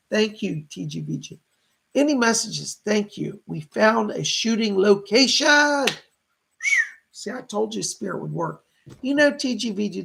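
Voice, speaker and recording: A man hosting a live psychic reading stream, thanking viewers and passing on messages from spirits in a chatty, animated way. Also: sits high, gravelly, slightly rough. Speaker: psychic medium host.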